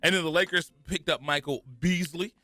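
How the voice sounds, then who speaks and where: A man's voice: fairly high pitch, fairly even intonation, moderate pace, sharp tone, dry recording. A man from California co-hosting a sports talk radio show, bantering playfully with his partner. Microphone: studio microphone.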